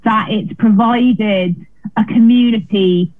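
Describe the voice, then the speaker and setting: A woman's voice: medium pitch, slow pace. A woman comedian chatting as an interview guest, self-deprecating and full of restarts, heard over a remote call. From Britain. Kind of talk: casual interview chat. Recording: tinny phone-like remote line.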